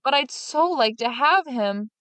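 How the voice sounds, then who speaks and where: A woman's voice: high-pitched, expressive, measured pace, pushed and bright, no echo, voice pushed up, heavily acted. Woman doing a jittery gullible farmer, fearful outbursts, storybook, dry sound. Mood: pleading. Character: gullible, easily scared farmer man.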